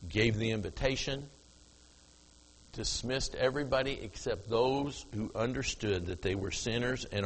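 A man's voice: fairly low pitch, long reverb tail, slight background noise, rough recording. Preacher man telling a mission story. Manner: animated storyteller acting out dialogue. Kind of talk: sermon storytelling. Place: church platform before congregation.

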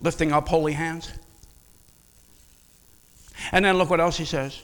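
A male pastor delivering a sermon in an animated, conversational way, asking the congregation questions. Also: a little high, unhurried, pauses often. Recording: long reverb of a large hall.

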